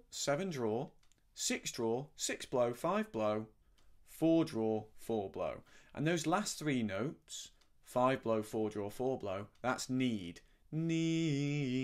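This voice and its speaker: A man in middle age teaches harmonica, talking through the notes in an easy, gentle manner. His voice sits at an ordinary middle pitch. Now and then he hums short syllables to show the sound he means. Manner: gentle, explanatory, demonstrates by humming syllables. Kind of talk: relaxed spoken music lesson.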